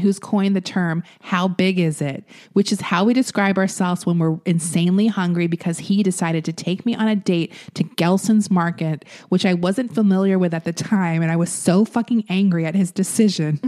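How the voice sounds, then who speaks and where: A woman's voice: fairly low pitch, moderate pace, a little mellow. A woman co-hosting a podcast, reading listener emails aloud in casual chat and laughing often as she reads. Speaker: podcast co-host.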